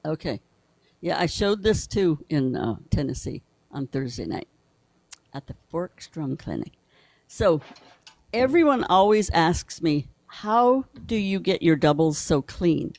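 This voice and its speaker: A man's voice: on the high side, very animated, a little slow, creaky, darkish tone, no room sound. A man from Brazil, a guest drummer, patiently explaining and counting rhythms aloud in a drum lesson.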